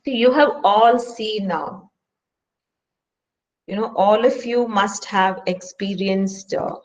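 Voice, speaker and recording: With poor audio and a slow pace, a woman speaks in a mid-range voice and an Indian English accent, running a remote stress management workshop from her home. She is earnest throughout and keeps posing pointed rhetorical questions.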